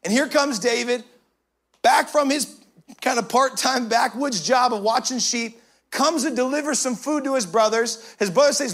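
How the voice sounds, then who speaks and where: A pastor delivers a lively sermon in very casual, slangy language, his voice unusually high for a man. He takes an unhurried pace but builds into loud, emphatic shouts to drive his points home.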